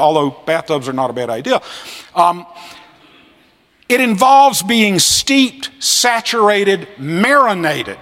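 A man giving a classroom lecture on scripture, animated and fond of acting out the voices he quotes. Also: high-pitched, in a large hall. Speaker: seminary lecturer.

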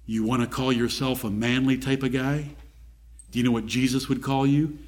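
A man's voice: mid-range voice, steady tone, moderate pace, darkish tone. A man preaching a sermon, reading scripture aloud and asking his listeners direct questions.

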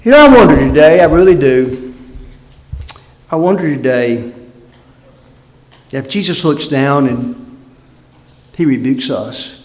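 A man preaching a sermon as pastor, swinging from loud emphatic bursts to quiet, near-whispered lines. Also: mid-range voice, lively intonation, takes it slowly, long pauses. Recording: roomy hall reverb.

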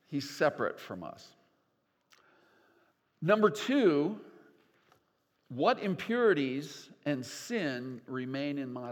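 An older man preaching a sermon as pastor, animated and folksy with gentle humor. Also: medium pitch. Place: church sanctuary. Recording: long church reverb.

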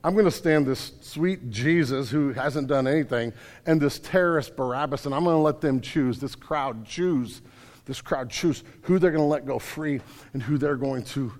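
A man's voice: medium pitch, moderate pace, a little mellow, natural voice. A man voicing a smug, scheming Roman governor thinking aloud, in a reverberant hall.

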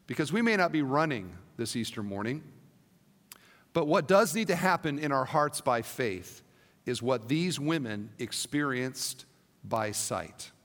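High-voiced pastor preaching in a big hall. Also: male voice, a little slow. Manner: animated, dramatic storytelling with rhetorical questions. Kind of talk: sermon.

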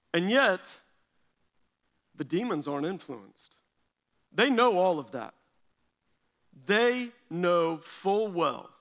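A man preaching a sermon from a stage in an animated, conversational way. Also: sits high, in a large hall. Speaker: pastor. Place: large hall stage.

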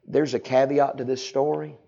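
Predicatore del Sud degli Stati Uniti, tono alla buona, tra sussurri e grida, voce media, registrazione spenta. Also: male voice, mid-range voice, level tone, normal speed, creaky, highs cut off. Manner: folksy, swings from hushed to loud cries. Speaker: pastor. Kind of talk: sermon.

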